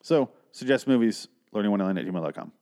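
A man's voice: lowish voice, expressive, fast talker, warm tone. A man hosting a movie review podcast, ranting casually with lots of swearing and exasperation. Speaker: podcast host.

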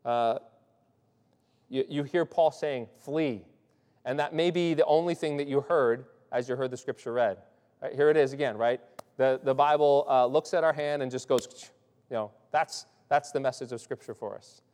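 In a conversational sermon, a male pastor speaks at normal speed with a mid-range, slightly mellow voice and fairly even intonation. His style is loose, marked by restarts and repeated "right?" check-ins. The audio has long hall reverb.

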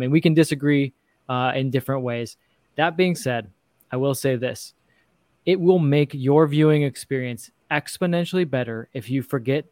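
A male guest gives measured, thoughtful closing remarks, pausing often with "uh". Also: mid-range voice, a little mellow, no room sound. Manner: measured, thoughtful, many "uh" pauses. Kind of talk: closing remarks to a live chat.

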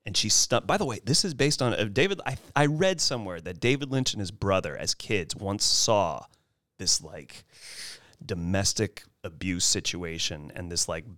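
A man in casual podcast talk about a film, animated and acting out lines from scenes. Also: moderate pace, no room sound, clean studio sound. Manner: animated, acts out film lines in high voices. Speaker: podcast host.

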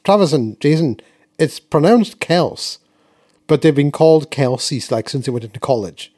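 A man's voice: a little high, lively intonation, brisk, warm tone. A man hosting a sports podcast, asking easygoing questions and steering the chat. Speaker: podcast host.

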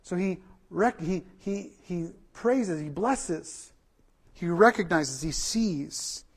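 A man preaches a sermon with a fairly high voice. He drives his points home through repeated lists and rhetorical questions. His delivery is animated and conversational. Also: slow, vocal fry, slightly rough. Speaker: pastor.

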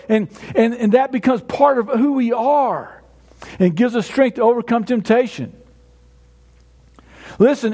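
A man's voice: high voice, dark tone. A man preaching a sermon in a conversational way, often restarting his words. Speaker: pastor.

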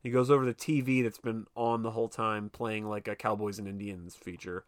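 A man's voice: fairly low pitch, level tone, a little fast, no echo, clean studio sound. A man co-hosting a podcast, casually recapping a film with lots of swearing and acted-out character lines. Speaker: podcast co-host.

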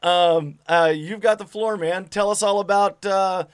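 A relaxed male podcast host who drops short reactions and loose, casual swearing. His voice sits rather high, recorded dry and close. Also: measured pace, smooth, no echo. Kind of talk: casual chat.

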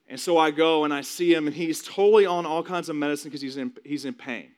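A man's voice: a little high, fast, few pauses. A man in his forties giving a personal testimony, emotional and repetitive as he tells his story. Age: 40s.

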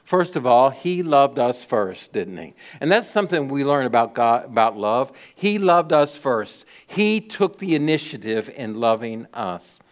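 A man's voice: medium pitch, sing-song, unhurried, few pauses. Emphatic middle-aged male preacher. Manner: storytelling preacher with emphatic rises and soft drops. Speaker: pastor. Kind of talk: sermon.

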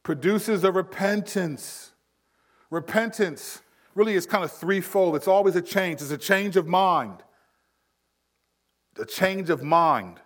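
A man in his thirties preaching a sermon in a conversational style, acting out quick quotes. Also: high voice, lively intonation. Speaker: pastor.

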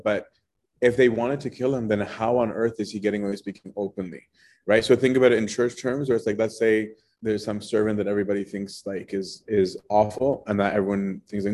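A man's voice: on the low side, fairly even intonation, fairly quick, a little mellow. A man leading a casual Bible study, talking it through conversationally and checking in with his listeners by asking "right?". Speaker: Bible teacher.

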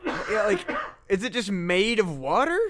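A man from the Midwest US co-hosts a comedy podcast, chatting casually, swearing constantly and laughing at his own jokes. His high-set, gravelly voice swings hugely in pitch and moves a little slowly, with background noise in the recording.

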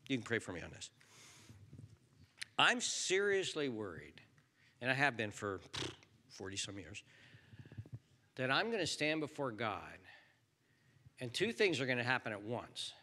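A man preaching a sermon as pastor, earnest and pleading, swinging from loud, high pleas to a hushed near-whisper. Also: sing-song, a little slow, long pauses, slight background noise.

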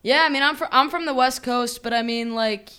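A young woman from Los Angeles, a musician guest chatting in a relaxed way on a radio show, with many fillers. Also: sits high, a little fast, smooth. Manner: laid-back, laughing, filler-heavy. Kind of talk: casual radio interview. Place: radio studio.

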